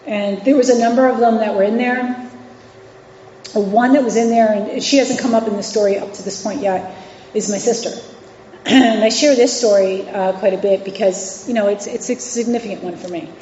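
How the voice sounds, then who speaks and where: In an echoey meeting hall captured with dull, lo-fi sound, a guest speaker in her forties tells her recovery story in a frank, conversational way, full of fillers and restarts. She comes from New York City and Virginia. Her medium-pitched voice is warm and steady at a moderate pace, with a little hiss or hum behind it.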